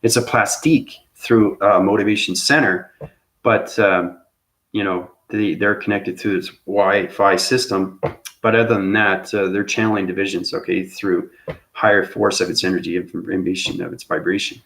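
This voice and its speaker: Low-voiced man rambling spiritually, tagging "okay?". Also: steady tone, moderate pace, a bit bright. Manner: repeats "okay?" as a tag after phrases; loose, searching phrasing with restarts. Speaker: channel host.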